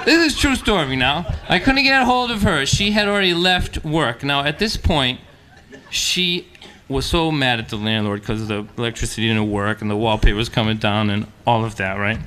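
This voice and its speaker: A man spins a live anecdote on stage, animated and self-mocking and chuckling through it. His voice sits at a middle pitch. A faint noise runs underneath. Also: normal speed. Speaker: musician telling a story on stage.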